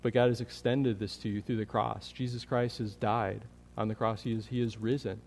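A man preaching a sermon as pastor, earnest, building in energy and then dropping to a quiet, prayerful tone. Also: lowish voice, flat delivery, normal speed, creaky, slight background noise. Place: church sanctuary. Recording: long hall reverb.

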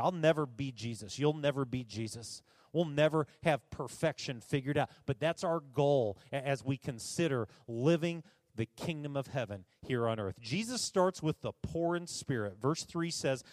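A man's voice: on the high side, darkish tone, no echo. A man preaching a sermon, earnest, often repeating words and asking the congregation rhetorical questions. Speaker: pastor.

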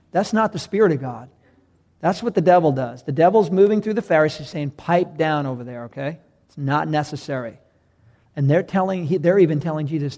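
Guy pastor with a high voice preaching, chatty, talks right to the crowd and acts out voices. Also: a little mellow. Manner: conversational, acts out crowd voices, addresses congregation directly. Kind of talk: sermon.

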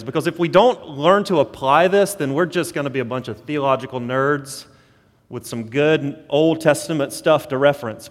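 A man's voice: medium pitch, long reverb tail. A man preaching a sermon as pastor, earnest and building to emphatic points.

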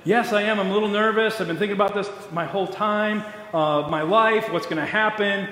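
A man's voice: high-pitched, brisk, sharp tone. A man voicing a strict, nervous elderly wife, speaking firmly in an echoey hall. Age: older. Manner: firm, matter-of-fact. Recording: echoey hall, faint noise.

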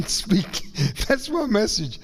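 Guest preacher, male, folksy and rambling, a bit high-pitched, voice breaking into whispers, long church reverb. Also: noisy background. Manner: folksy, rambling, self-deprecating asides; voice rises and breaks into tearful whispers. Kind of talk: emotional Pentecostal sermon. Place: church sanctuary.

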